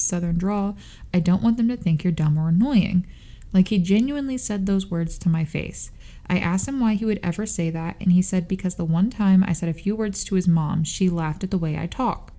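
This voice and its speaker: A young woman co-hosting a casual podcast, reading a post aloud and then chatting with many "like" fillers. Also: mid-range voice. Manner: chatty, lots of "like" fillers, animated reactions. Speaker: podcast co-host.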